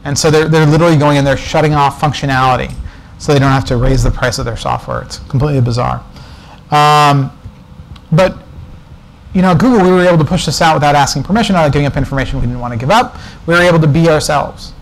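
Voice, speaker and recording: In a low-quality recording, a man with a slightly high voice talks at a quick pace. He's a guest speaker at a developer meetup, standing before an audience in a presentation room and sharing a casual conference-talk anecdote that drifts off on tangents, with jokes thrown in.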